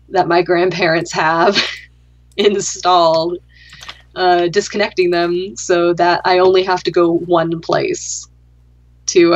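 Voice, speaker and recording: Low gravelly woman telling a story. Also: lo-fi sound. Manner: sarcastic, dry, swears freely. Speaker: gaming channel host. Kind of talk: casual storytelling chat.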